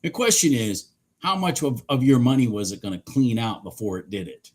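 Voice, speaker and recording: A livestream day trader gives live commentary, exasperated and swearing as he talks straight at the chart. His voice is medium-pitched, animated and darkish, a little fast.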